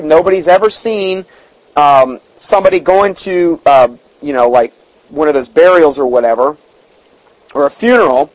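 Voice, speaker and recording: A man's voice: sits high, dry recording, low-quality recording. A man preaching an informal sermon in a folksy, emphatic way, often repeating words and reading scripture aloud.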